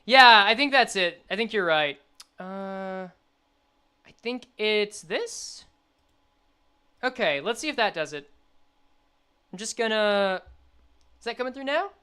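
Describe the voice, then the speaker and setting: A young woman streaming a game, chatting and reading the story aloud, animated and quick to laugh. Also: mid-range voice, smooth.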